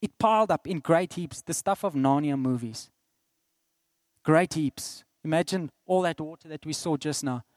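A middle-aged man with a South African accent preaching a sermon, swinging between loud declarations and soft asides. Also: on the high side, normal speed, no room sound, clean studio sound. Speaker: pastor.

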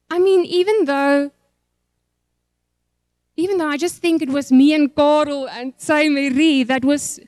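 High-voiced pastor's wife. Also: female voice, no echo. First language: Afrikaans. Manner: emotional, rambling storytelling. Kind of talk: church testimony.

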